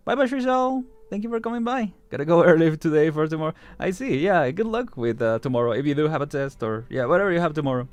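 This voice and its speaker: Male streamer, casual chatty commentary, curious, laughs a lot, fairly high voice, dry close mic, faint music. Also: lively intonation, fast, smooth, no room sound. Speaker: VTuber streamer. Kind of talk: casual livestream commentary while reading a game.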